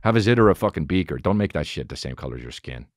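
A man hosting a podcast, telling rambling stories in a profane, animated, casual monologue. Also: deep voice, very fast, no echo, studio quality. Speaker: podcast host.

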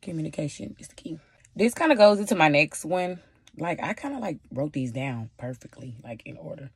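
A woman's voice: deep voice, expressive, a little fast, slightly rough, no echo. A woman in her twenties giving casual advice in a chatty, sassy vlog, talking straight to her viewers with plenty of slang. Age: 20s. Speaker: vlogger.

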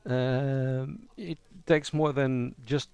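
Slow talking guy explaining rpg character voices, kinda gravelly, figuring it out as he goes. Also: mid-range voice, fairly even intonation, darkish tone, no echo. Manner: thinking aloud, improvising as he goes. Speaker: roleplaying game player explaining character voices. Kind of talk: casual spoken tutorial.

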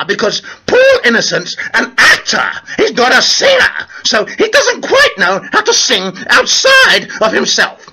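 Theatrical high-pitched man hamming it up. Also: sharp tone, rough recording. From London. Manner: over-the-top, sing-song, laughing as he talks. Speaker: actor vlogger. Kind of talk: theatrical comic monologue.

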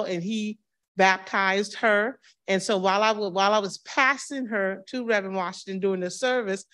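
A woman in her fifties, a church member, telling personal memories of her pastor and acting out the dialogue with laughs. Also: mid-range voice. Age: 50s. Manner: warm storytelling, acts out dialogue with laughs. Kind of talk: personal testimony at a reading circle.

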